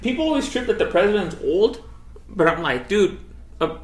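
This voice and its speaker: A man's voice: sits high, sing-song, moderate pace, roomy sound. A man co-hosting a podcast, talking in loose, profane banter and saying "dude" a lot. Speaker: podcast co-host.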